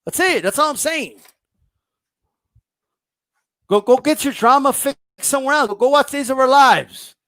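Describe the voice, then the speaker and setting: A man's voice: very high voice, animated, normal speed, long pauses, a bit bright, no echo. A man hosting a casual boxing livestream, ranting bluntly and profanely and reading viewer comments aloud.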